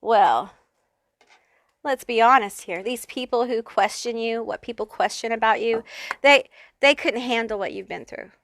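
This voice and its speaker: A woman's voice: fairly high pitch, unhurried, fairly bright tone, slight background noise. Fired-up, foul-mouthed woman reading tarot. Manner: blunt, profane and fired-up, talking straight to the viewer. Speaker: tarot reader. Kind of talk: pick-a-card tarot reading.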